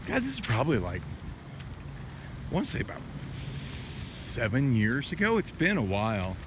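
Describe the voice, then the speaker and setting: A man's voice: medium pitch, wildly swooping pitch, moderate pace. Rambling male night-walk vlogger, candid and profane, phone mic, wind and street noise. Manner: rambling, many restarts and fillers, candid and profane. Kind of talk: rambling late-night walking vlog. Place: city street at night, outdoors, walking. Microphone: handheld phone. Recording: windy outdoor phone audio.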